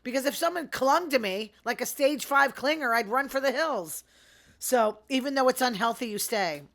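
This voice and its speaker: A middle-aged woman hosting her own show, chatting in a rambling, sarcastic way and talking fast. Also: sits high, animated, fairly bright tone. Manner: fast talker. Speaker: podcast host. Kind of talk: casual solo commentary.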